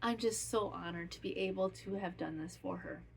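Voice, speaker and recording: A woman's voice: medium pitch, moderate pace, creaky, a little hiss or hum. A woman hosting a podcast who chats casually in a rambling, heartfelt way. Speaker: podcast host. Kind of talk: casual chat.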